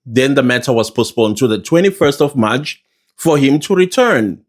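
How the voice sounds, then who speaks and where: A South African man giving casual commentary to his viewers, animated and laughing often, with big swings in his voice. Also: medium pitch, normal speed. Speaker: news commentator.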